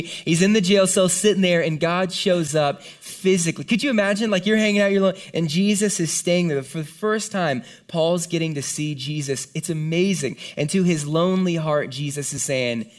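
A man preaching a sermon to a congregation in a room, speaking in an animated, conversational way with casual slang. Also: sits high, a little fast, few pauses. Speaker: pastor.

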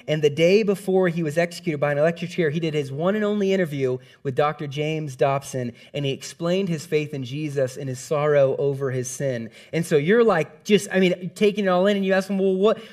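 Male preacher with a slightly high voice and a casual, conversational sermon delivery. He retells scenes with lively energy, and his pitch moves freely as he talks. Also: brisk, hardly any pauses.

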